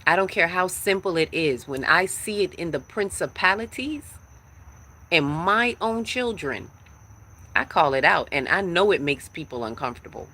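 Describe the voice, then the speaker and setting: Woman, livestream spiritual talk, emphatic, repeats herself, sharp bright tone. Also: lowish voice, lively intonation, normal speed. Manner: emphatic, repetitive, preachy. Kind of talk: live-streamed spiritual talk.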